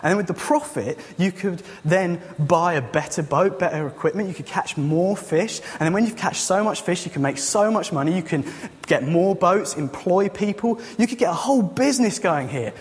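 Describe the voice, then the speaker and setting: A man acting out an eager, pushy male businessman in a sermon story, pitching a big plan with enthusiasm. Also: normal speed, hardly any pauses, lightly acted. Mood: eager, persuasive. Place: church hall. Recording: long church hall reverb.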